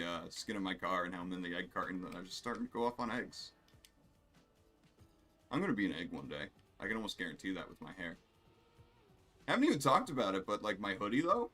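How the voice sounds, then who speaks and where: Low-voiced rambling male streamer. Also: expressive, quick pace, a bit bright, faint music behind. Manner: rambling, profane, self-amused. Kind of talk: casual gameplay commentary.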